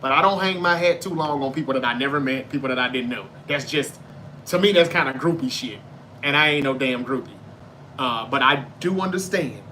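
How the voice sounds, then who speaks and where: A man's voice: mid-range voice, brisk, bright, forceful tone, slight background noise. A Southern American man from Memphis hosting a live show, chatting casually, reading viewer comments and answering them with loose, profane talk. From Memphis, Tennessee. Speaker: livestream show host.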